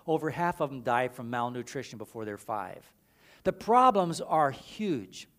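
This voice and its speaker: A man's voice: mid-range voice, very animated, unhurried, a bit bright. A man preaching a sermon as a missions leader, telling stories with emphatic repetitions and frequent restarts.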